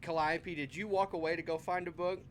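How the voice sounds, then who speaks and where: A man's voice: a little high, fairly even intonation, a little fast, a bit bright, a little hiss or hum. A man playing a tabletop game, talking casually and laughing easily. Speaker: player.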